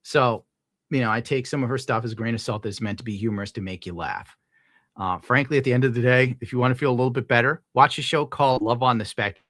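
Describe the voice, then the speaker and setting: A man's voice: medium pitch, fast, a bit bright, dry recording, studio quality. A young man streaming, casually ranting and reading donations, profane and rambling. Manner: profane, rambling, laid-back. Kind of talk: casual rant to viewers.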